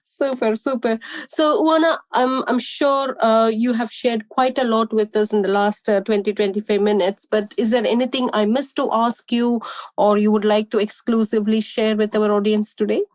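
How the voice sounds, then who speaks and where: A woman's voice: fairly high pitch, steady tone, moderate pace, a little mellow. A woman hosting a podcast interview, upbeat, with short enthusiastic affirmations between questions. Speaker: podcast host.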